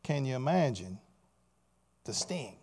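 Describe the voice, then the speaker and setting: A man's voice: medium pitch, big pitch swings, takes it slowly, a little mellow, a little hiss or hum. A man preaching a sermon as a pastor, often asking his listeners rhetorical questions.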